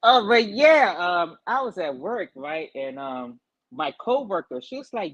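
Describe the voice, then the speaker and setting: A man in his forties calling in to a casual chat, telling rambling stories in a relaxed, loose way. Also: high-pitched, measured pace, no echo. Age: 40s. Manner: laid-back storyteller, loose and rambling. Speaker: caller.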